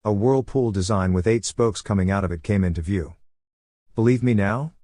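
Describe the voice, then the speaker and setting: A man narrating a fan fiction story in a steady, even reading manner. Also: low voice, a little fast, no echo, studio quality.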